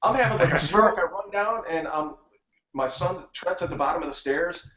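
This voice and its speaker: A man's voice: sits high, expressive, normal speed, fairly bright tone, highs cut off. A man co-hosting a podcast, telling a crude, joking story about his dog in casual chat. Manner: crude, joking, drawls through stories. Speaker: podcast co-host.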